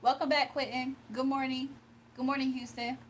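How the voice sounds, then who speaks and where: A woman's voice: high voice, level tone, moderate pace, distant mic, slight background noise. A young woman hosting a casual livestream, reading viewer comments aloud, teasing them and laughing often. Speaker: livestream host.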